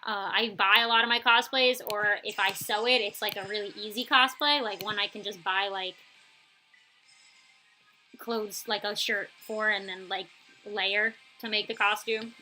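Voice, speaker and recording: Young woman w a little new york accent, chatty, lots of ums and laughs, really bright voice. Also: medium pitch, steady tone, normal speed, soft background music, low-quality recording. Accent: light New York, touch of Boston. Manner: chatty, laughs often, many fillers. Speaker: art streamer. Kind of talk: casual live-stream chat.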